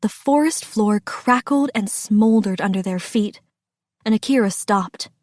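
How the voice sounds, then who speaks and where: A woman narrating a children's storybook with a steady, deliberate reading. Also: mid-range voice, no echo, studio quality.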